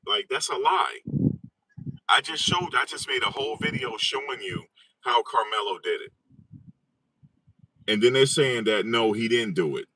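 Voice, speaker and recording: A man's voice: mid-range voice, animated, normal speed, long pauses, bright, forceful tone, dry recording. A man talking in a casual commentary vlog as an online commentator, incredulous and repeating his own phrases.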